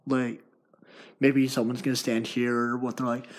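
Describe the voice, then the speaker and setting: A man's voice: mid-range voice, flat delivery, measured pace. A young man vlogging while walking through an empty house, rambling with many fillers and restarts. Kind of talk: casual vlog. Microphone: handheld device.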